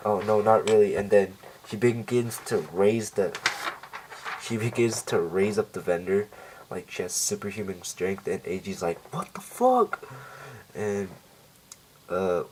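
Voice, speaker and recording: A man's voice: deep voice, darkish tone, a little hiss or hum, poor audio. A man casually recapping a TV episode, rambling with lots of fillers and self-corrections. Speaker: show reviewer.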